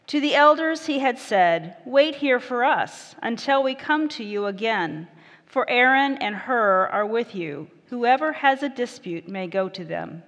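A woman pastor reading scripture and preaching a sermon, in a measured, gentle way. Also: fairly high pitch, expressive, long reverb tail.

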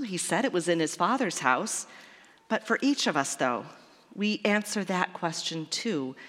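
A woman pastor preaches in a lyrical, repetitive way, full of wonder. She takes her time, letting phrases land slowly. Her voice rings out with a long church reverb. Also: mid-range voice, a bit bright. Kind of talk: sermon.

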